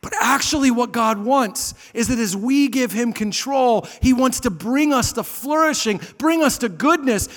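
A man in his thirties preaches from the front of a large church, his voice pitched high. He swings from loud, stressed points to soft, hushed asides, and a long reverb follows his words around the hall. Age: 30s. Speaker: pastor. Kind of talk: sermon.

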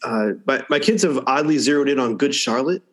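A man's voice: mid-range voice, lively intonation, brisk. A man in casual chat, wry in tone, often repeating his first words before a sentence gets going. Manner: stammering repetitions, wry.

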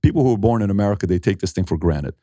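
A middle-aged man, an entrepreneur, telling animated stories in a conversational interview and acting out what people said. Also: low voice, rapid-fire, no echo, clean studio sound. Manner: animated storyteller acting out quotes, emphatic.

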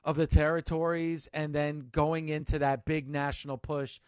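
Energetic man hosting a podcast, dry studio sound. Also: a little high, moderate pace, clean tone, no room sound. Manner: energetic, announcer-style. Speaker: podcast host.

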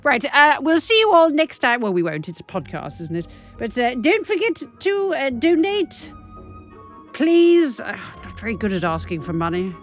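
A woman hosts and narrates a comic audio story, wry and self-mocking. Her voice sits fairly high and bounces all over the place. Soft music plays faintly beneath her. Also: huge pitch swings, moderate pace. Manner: wry, self-deprecating, theatrical. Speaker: host and narrator. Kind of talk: comic first-person narration.

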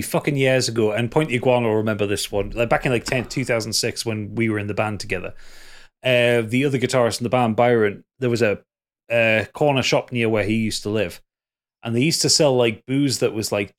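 A man's voice: mid-range voice, a little fast. Rambling podcast host, a man. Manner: rambling, swears freely, laughs often. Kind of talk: casual chat.

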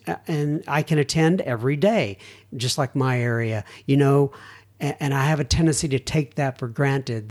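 Man, middle-aged, podcast host, casual chat, reads listener emails, self-deprecating, medium pitch. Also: a little mellow. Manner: chatty and self-deprecating, many fillers and asides.

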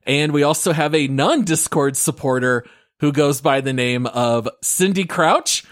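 A man hosting a casual gaming podcast, upbeat and quick to laugh as he runs through the housekeeping. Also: fairly high pitch, dry recording, studio quality. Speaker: podcast host.

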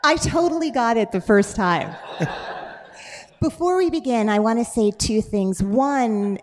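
A woman's voice: a little high, expressive, normal speed, crowd noise. A woman hosting a live podcast on stage in front of an audience, talking in a playful, chatty way and laughing often. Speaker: podcast host.

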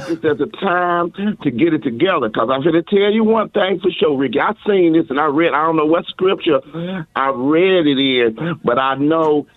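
Brief: rambling, stammering male caller, fairly high voice, heard through a tinny phone. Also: dry recording. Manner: rambling, stammering, repeats himself. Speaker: caller taking a personal day. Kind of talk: comedic radio call-in. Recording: tinny dry phone line.

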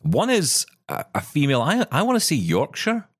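A man's voice: on the high side, normal speed, slightly rough, dry recording. A man with a Scottish accent, co-hosting a podcast in casual, enthusiastic chat about tech, often correcting himself mid-sentence. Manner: animated, enthusiastic, self-correcting. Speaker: podcast co-host.

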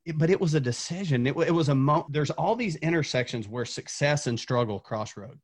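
A man's voice: a little high, expressive, brisk. A man from Tennessee, a former coach, telling an earnest motivational story as a podcast guest, repeating words when fired up.

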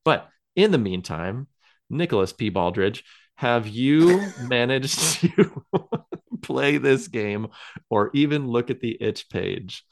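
A man's voice: medium pitch, lively intonation, slow, creaky. A man co-hosting a podcast, chatting casually and rambling with many fillers and small laughs. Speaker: podcast co-host. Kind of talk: casual chat.

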